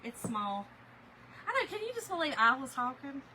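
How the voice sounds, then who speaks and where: A woman hosting a crafting livestream, chatting with viewers in an animated, storytelling way while she works. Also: sits high, moderate pace, slight background noise, rough recording. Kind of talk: casual chat while crafting, reading viewer comments.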